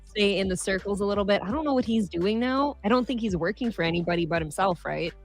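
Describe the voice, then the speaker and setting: A woman's voice: medium pitch, quick pace, faint music behind. A woman co-hosting a podcast, chatting casually and agreeing with the others. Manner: agreeable, chiming in. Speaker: podcast co-host. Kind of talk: casual chat.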